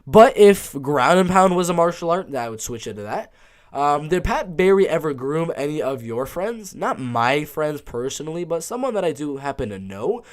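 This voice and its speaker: Laid-back man streamer, lively pitch. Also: normal speed. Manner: laid-back, offhand, often ends lines with "man". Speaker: MMA live streamer. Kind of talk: casual live-stream Q&A reading chat.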